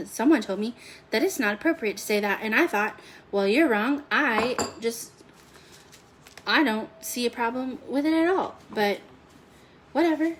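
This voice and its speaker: This home kitchen livestream features a woman who chats, rambles, and greets her viewers by name while she cooks. Her voice leans high, and there's a little background noise.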